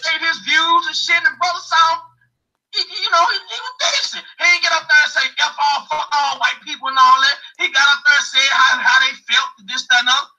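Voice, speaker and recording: A man telling a story on a talk show, animated and profane, acting out what other people said. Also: very high voice, a little fast, low-quality recording.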